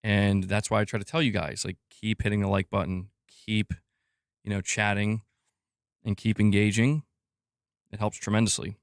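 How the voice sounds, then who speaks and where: A man's voice: lowish voice, moderate pace, creaky, dry recording, clean studio sound. A man hosting a gaming news live stream, chatting casually and reading viewer comments. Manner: animated, talks to chat, reads comments aloud. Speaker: podcast host.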